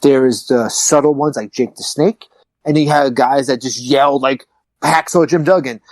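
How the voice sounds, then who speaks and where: A man hosting a podcast in casual chat, talking in an animated, emphatic way that rises to excited peaks. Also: mid-range voice, moderate pace, dry recording, rough recording. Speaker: podcast host.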